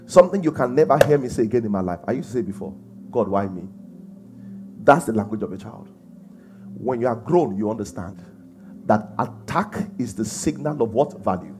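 A man's voice: mid-range voice, animated, fairly quick, a little mellow, faint music behind. A man preaching a sermon, emphatic and full of rhetorical questions. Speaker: pastor.

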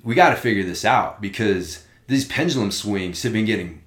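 A man in casual podcast chat, talking in an animated, rambling way and swearing often. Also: lowish voice, normal speed. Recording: roomy echo.

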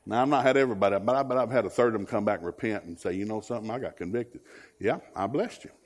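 A man preaching a lively, joking sermon as a guest speaker, with a husky voice. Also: lowish voice, racing.

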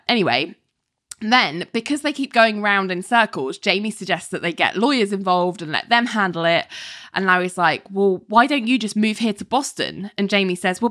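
A woman's voice: mid-range voice, dry recording, studio quality. A woman casually retelling TV episode scenes, quoting the characters and laughing often as she goes. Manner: animated storyteller, laughs often, mimics characters. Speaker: podcast host recapping a TV show.

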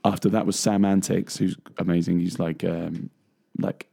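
Gravelly low-voiced man chatting. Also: flat delivery, moderate pace, dark tone. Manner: rambling, laughs often, trails off with fillers. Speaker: co-host, bass player. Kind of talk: casual chat. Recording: radio show studio mic.

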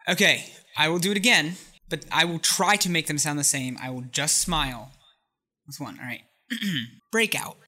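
A podcast co-host in casual chat, excitable and rambling, laughing often. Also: mid-range voice, moderate pace.

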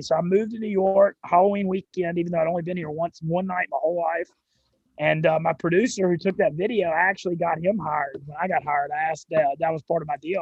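Gravelly high-voiced Southern man. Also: no echo, muffled recording. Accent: Southern US drawl. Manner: excited, fast storytelling with cursing. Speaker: sports radio and gambling show host, guest. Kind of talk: casual storytelling interview.

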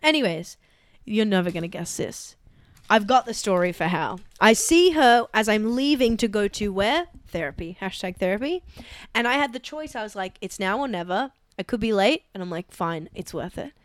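A woman co-hosting a comedy podcast, telling gossip in an animated way and acting out the people she quotes. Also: medium pitch, normal speed, no echo. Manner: animated storyteller, acts out quoted voices. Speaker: podcast co-host. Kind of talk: casual comedic chat.

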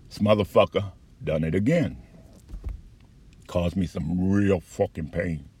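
A man giving a candid, profane personal account with halting restarts and frequent fillers. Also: low-pitched, warm tone, slightly rough. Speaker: patient recounting an experience.

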